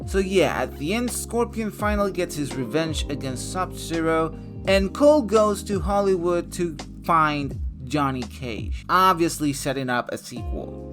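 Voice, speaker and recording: A young man talks through a movie review in a loose, rambling way, swearing freely and leaning on filler words. His voice sits a little high for a man. Soft guitar music plays faintly behind him. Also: lively intonation, measured pace. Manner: loose and profane, full of "like" fillers. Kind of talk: casual spoken review.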